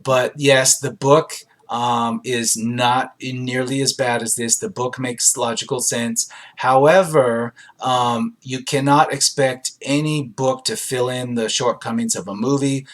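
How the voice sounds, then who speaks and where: Man, casual review commentary, sarcastic, dry asides, lots of ums, mid-pitched voice. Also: fairly even intonation, measured pace, few pauses. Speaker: host reviewing audience film reviews.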